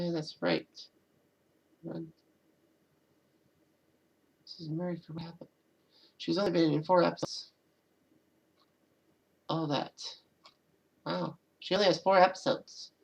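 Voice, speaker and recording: Lady vlogger, low creaky voice, rambles on and keeps saying "and all that". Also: poor audio. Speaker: channel host. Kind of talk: casual solo commentary.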